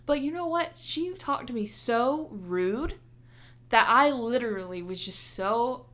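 A young woman telling a story in casual chat, animated and heated, swearing often and filling with "like". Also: on the high side, measured pace. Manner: heated, animated retelling with heavy swearing and many "like" fillers.

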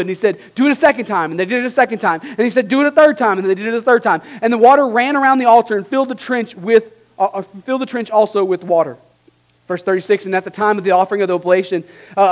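High-voiced male preacher reading scripture. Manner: reads scripture with dramatic emphasis, rising for quoted lines; asks rhetorical questions with a tag like "right?". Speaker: pastor.

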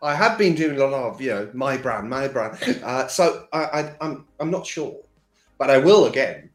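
A man's voice: mid-range voice, expressive, normal speed. An older man, a musician guest on a casual podcast, joking and good-humoured but a bit tentative in his answers. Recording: roomy echoing room.

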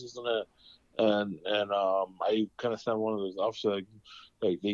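A man with a low voice tells a story in loose, rambling chat, swearing freely and leaning on fillers. The sound is dull and lo-fi, with a dry, close feel. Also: steady tone, brisk, darkish tone, dry recording. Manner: rambling, profane, full of fillers. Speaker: podcast host.

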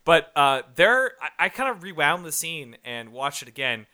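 A man's voice: on the high side, big pitch swings, moderate pace, sharp tone. A man co-hosting a casual movie review chat, rambling and profane with lots of fillers. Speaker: podcast co-host.

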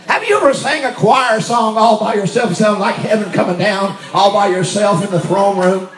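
Male preacher, high voice, storytelling sermon, roomy church sound. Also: moderate pace. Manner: storytelling, rising to shouts. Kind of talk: sermon testimony. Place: church sanctuary.

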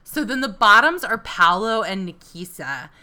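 A woman co-hosting a casual podcast, her voice bright and forward. She recaps a reality show with jokes and quick asides, often laughing through her sentences. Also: mid-range voice. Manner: animated, jokey, full of asides and laughter. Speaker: podcast co-host.

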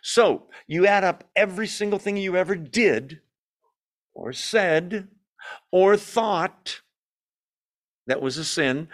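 A man with a somewhat high voice leads an evening Bible study. He teaches with lively emphasis, often stops to put questions to the group, and now and then pokes fun at himself. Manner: self-deprecating asides.

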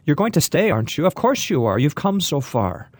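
A man reading a story and voicing a frail, confused old German woman who fusses warmly over her guests. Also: sits low, very animated, a little fast, no room sound. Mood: insistent. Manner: eager, doting, mishears what is said.

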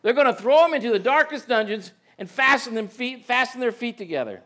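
A man's voice: extremely high pitch, expressive, fairly quick, a bit bright. A man preaching a sermon in a church, folksy and conversational, often asking the congregation rhetorical questions. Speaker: pastor.

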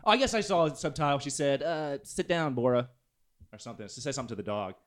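A man's voice: mid-range voice, expressive. Hesitant, rambling man. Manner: hesitant, rambling, halting speech. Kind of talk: casual studio chat.

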